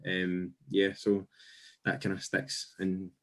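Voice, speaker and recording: A man with a fairly low voice, chatting on a casual podcast. He reminisces steadily and thoughtfully, often restarting his phrases mid-thought. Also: slow pace. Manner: steady, reflective, with frequent restarts. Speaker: podcast co-host.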